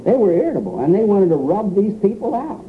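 A man's voice: sits high, very animated, quick pace. A man preaching a sermon in an earnest, emphatic way, acting out the quotes he gives. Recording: tinny phone-like radio broadcast with faint hiss.

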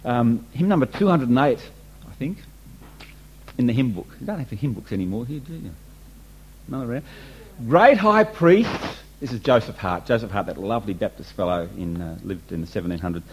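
A man's voice: on the low side, brisk, a little mellow, a little hiss or hum, poor audio. A man preaching a sermon, emphatic and repetitive, asking the congregation rhetorical questions. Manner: emphatic, repeats and restates points, rhetorical questions.

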